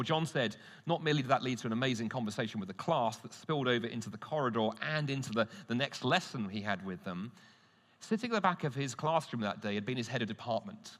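A man giving a teaching talk to a Christian audience, telling stories and asking rhetorical questions. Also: mid-range voice. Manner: lively storytelling with rhetorical questions. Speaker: conference speaker. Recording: long hall reverb.

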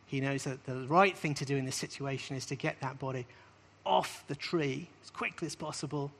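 A preacher with a medium-pitched voice and vocal fry teaches scripture in a sermon-style talk to a live group. He is emphatic, repeating key phrases and often ending points on a rising question.

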